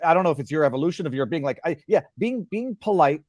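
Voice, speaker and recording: A middle-aged man hosts an interview, often stammering as he tries to get a word in. His voice sits slightly high. The sound is close and dry, with no room around it. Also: animated, quick pace, a little mellow, no echo. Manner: hesitant, stammering when interrupted. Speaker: interview host. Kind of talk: conversational interview.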